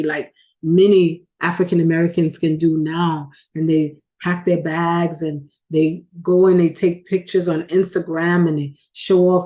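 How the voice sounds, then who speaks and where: A woman's voice: lowish voice, fairly even intonation, normal speed, warm tone. Earnest woman vlogging from her car. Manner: earnest, emotional, conversational. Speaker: video host. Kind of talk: casual vlog commentary.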